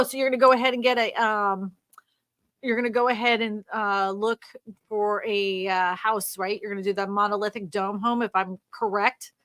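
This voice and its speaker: Woman host on a live stream, bright punchy voice, kinda high, rants and laughs a lot, dry close sound. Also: no echo. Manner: emphatic, ranting, quick to laugh. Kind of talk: live-stream Q&A reading viewer comments.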